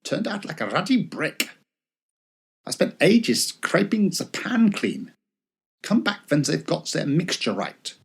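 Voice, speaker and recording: A man's voice: on the high side, very animated, takes it slowly, gravelly, breathy edge, exaggerated voice. An actor playing a grumpy old man who answers the door, blunt and grumbling.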